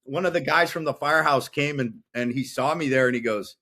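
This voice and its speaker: A man's voice: medium pitch, a little fast, sharp tone. A man in his thirties, a podcast guest, telling his story in a blunt, profane, intense way. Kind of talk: casual interview chat.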